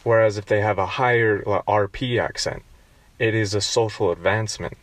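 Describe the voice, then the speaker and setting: A man's voice: on the low side, moderate pace, no room sound. A man with a general American accent hosting a casual interview, asking leading questions and steering the talk. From United States. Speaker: podcast host.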